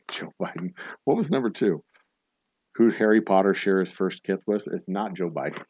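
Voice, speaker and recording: A man hosting a livestreamed bar trivia night, reading questions slowly and joking casually with some swearing. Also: sits low, lively intonation, darkish tone, breathy edge, no room sound, muffled recording. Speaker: trivia host.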